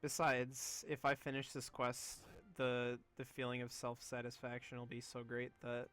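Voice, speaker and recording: A man's voice: medium pitch, monotone, moderate pace, fairly bright tone, smooth. A young man streaming a game, chatting casually in a rambling, amused way full of fillers. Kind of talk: casual gameplay chat.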